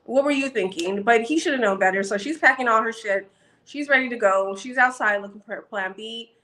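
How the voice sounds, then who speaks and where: Bright-voiced woman recapping a show. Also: on the high side, a little fast, a little hiss or hum, poor audio. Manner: chatty and gossipy, frequent ums. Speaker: reality show reviewer. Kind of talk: casual recap.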